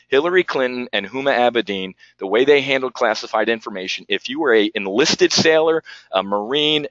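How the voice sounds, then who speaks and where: A man hosting a live market show rants with heat and stumbles over his words. His voice is forceful and bright. The audio is dry and somewhat dull. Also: medium pitch, dry recording. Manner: heated, ranting and repeating himself. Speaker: trading show host.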